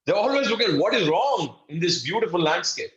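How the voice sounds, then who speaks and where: A man giving a recorded course lecture, earnest and emphatic, his voice sitting a little high for a man. The sound is dull and lo-fi, with a roomy echo around him. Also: big pitch swings, brisk, a crowd in the background. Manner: earnest, emphatic, addresses listeners as friends, acts out little quoted exchanges. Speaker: course instructor.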